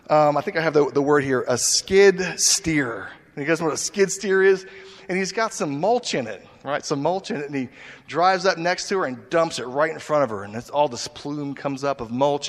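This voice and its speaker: A man preaching a sermon as a pastor, storytelling and asking rhetorical questions. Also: on the high side. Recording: long church reverb.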